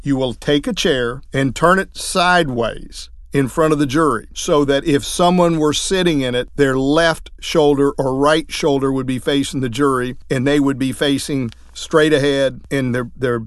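A man's voice: medium pitch, moderate pace, few pauses, no room sound, studio quality. A man, a trial lawyer, teaching other lawyers courtroom technique in a folksy, storytelling way that acts out what to say to a jury. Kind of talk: instructional talk on courtroom technique.

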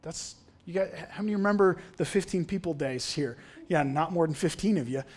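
Man, pastor, slightly high voice, animated sermon storytelling in a church. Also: fairly quick. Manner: animated, reads quotes aloud dramatically.

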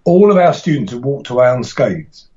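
A man's voice: mid-range voice, very animated, moderate pace, darkish tone, highs cut off. A middle-aged man, a martial arts instructor and author, telling stories in a podcast interview with enthusiasm and frequent restarts.

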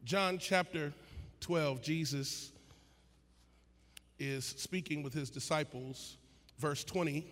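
A male preacher with a high, bright, ringing voice. He rises into shouted, sing-song peaks as he preaches. The sound rings with the long reverb of a big hall, with a faint murmur of noise under it. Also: takes it slowly, pauses often. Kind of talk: sermon. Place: large conference hall.

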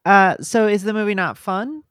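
Podcast co-host, casual chat, short dry replies, mid pitch, close dry sound. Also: moderate pace, a bit bright, no echo. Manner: short dry interjections and questions.

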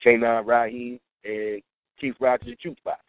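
Over a tinny, dry, phone-like line, a man from Trenton, New Jersey, who works as a DJ talks casually in an interview. He speaks at a measured pace with a medium-pitched voice, staying laid-back and frequently adding "man" and "you know what I'm saying."

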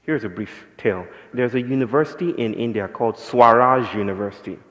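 Speaking a little fast in a medium-pitched, fairly bright voice, an invited speaker gives a poetic public talk, though the recording's highs are cut off and the hall echoes. He muses reflectively before pressing his points with passion to the audience.

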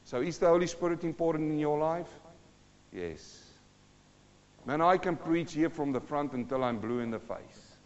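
A man preaching a sermon from the front of a church, emphatic, swinging between hushed asides and loud bursts. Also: a little high, lively intonation, moderate pace, big-room sound, muffled recording. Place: church hall.

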